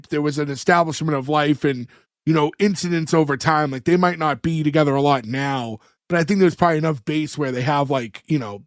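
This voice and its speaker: A man's voice: on the high side, dry recording, studio quality. A man co-hosting a podcast, recapping a sitcom's plot and reasoning it out aloud. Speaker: podcast co-host. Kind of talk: casual chat recapping a sitcom.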